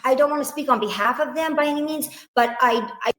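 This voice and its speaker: A woman speaks as a guest about her family's ordeal, stopping and restarting often and quoting others' words. Her voice sits a little high. The recording carries a noticeable room echo. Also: a bit bright. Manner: halting, many restarts, quotes others. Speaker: victim's mother, guest. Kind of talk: emotional interview.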